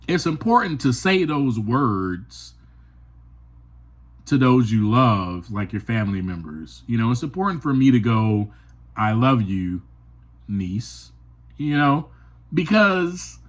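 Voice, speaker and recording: Earnest, emphatic man with a swooping voice. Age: adult. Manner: earnest and emphatic, swinging between raised passionate peaks and low quiet asides. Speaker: podcast host. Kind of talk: personal reflective monologue.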